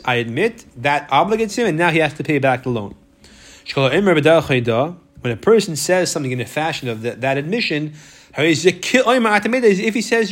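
Man, Talmud class lecture, fairly high voice, repeats himself as he explains. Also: fairly bright tone. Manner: explains step by step, repeats words, restarts often. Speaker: Torah teacher.

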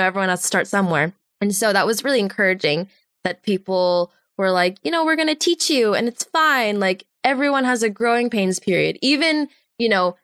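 A woman's voice: medium pitch, smooth, no echo, clean studio sound. A woman in her twenties, a storyboard artist, chatting casually in an interview and animatedly acting out the voices of people in her stories. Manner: animated, acts out quoted voices.

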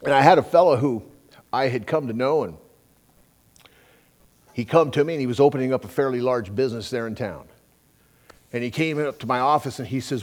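Man preaching with lively pitch. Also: moderate pace, pauses often. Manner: conversational preaching with folksy asides and quoted dialogue. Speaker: pastor. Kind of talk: sermon.

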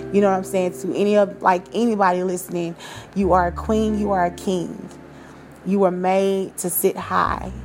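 A woman in her thirties hosting a podcast, talking in an encouraging, preachy way with casual slang. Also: mid-range voice. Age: 30s. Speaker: podcast host. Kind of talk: motivational podcast monologue.

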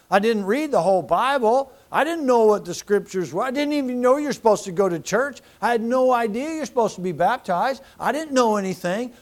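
A middle-aged pastor with a high voice preaches in a loose, folksy way. He rambles, restarts his sentences and chuckles through his stories. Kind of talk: sermon with personal storytelling.

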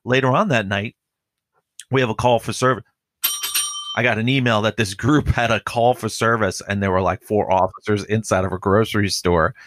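A man's voice: on the low side, fairly bright tone, no echo. A man who is a police officer, talking casually and profanely, rambling with lots of "like" and "dude.". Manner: rambling, profane, heavy use of filler "like". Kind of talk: casual podcast chat.

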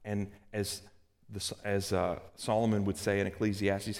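Guy preaching a sermon, goes quiet then loud and urgent, echoey church hall. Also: lowish voice, measured pace. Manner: animated preaching, swings from soft hushed reading to loud urgent outbursts. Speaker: pastor.

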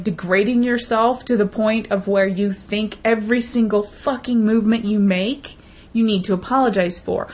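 A woman co-hosting a podcast, ranting bluntly and emphatically in casual chat, with frequent swearing. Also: mid-range voice. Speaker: podcast co-host.

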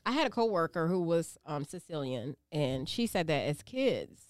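A woman's voice: deep voice, very animated, no echo, clean studio sound. A woman co-hosting a casual chat and leading a wine tasting, often chiming in with short agreements. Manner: leads the talk, quick short agreements.

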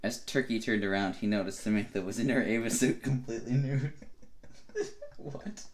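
A man's voice: medium pitch, measured pace, pauses often. Man reading silly fan fiction aloud. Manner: reads in a mostly flat voice, often breaking into laughter.

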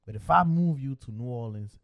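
A man's voice: medium pitch, lively intonation, a little fast, no echo, lo-fi sound. A man co-hosting a casual podcast, talking loosely and teasing, reading posts aloud. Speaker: podcast co-host. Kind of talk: casual chat.

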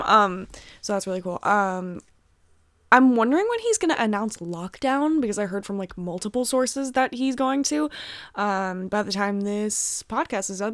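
A young American woman with a medium-pitched voice hosts a casual solo podcast from home, recorded dry with clean studio sound. She rants heatedly, swearing heavily and using lots of fillers.

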